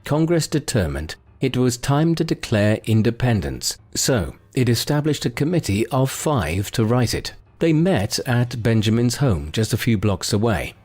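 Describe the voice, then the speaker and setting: A man reading a scripted history narration in a steady storytelling manner. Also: mid-range voice, a little slow, few pauses. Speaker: documentary narrator. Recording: faint music bed.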